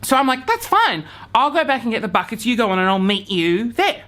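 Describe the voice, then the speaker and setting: A young man vlogging a comic story to camera, acting out his own panic with hushed whispers, swearing and sudden shouts. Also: very high-pitched, sing-song, a little fast.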